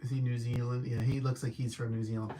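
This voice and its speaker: A man's voice: mid-range voice, little pitch movement, fast talker, warm tone, slight background noise. A man hosting a casual livestream movie review, rambling and correcting himself as he thinks aloud. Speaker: film reviewer host.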